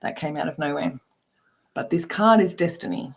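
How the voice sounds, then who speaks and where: Her voice is deep and gravelly with big swings in pitch, moving at a moderate pace, as this middle-aged spiritual and business coach runs a live card reading. She speaks emphatically, curses freely, greets viewers by name, and habitually tags her sentences with "right?".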